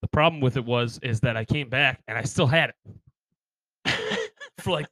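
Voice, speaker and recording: A man's voice: medium pitch, fairly bright tone, dry recording, poor audio. A man with a New York accent co-hosting a podcast, chatting casually, laughing often and swearing freely. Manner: laughs often, swears, quick comic impressions. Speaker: podcast co-host. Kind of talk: casual banter.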